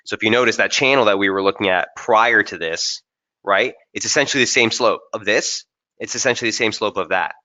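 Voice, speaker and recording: Casual male webinar presenter, low and forceful voice, muffled stream audio, thinks aloud. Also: brisk. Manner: casual, thinking aloud with frequent fillers and restarts. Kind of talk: live chart analysis webinar.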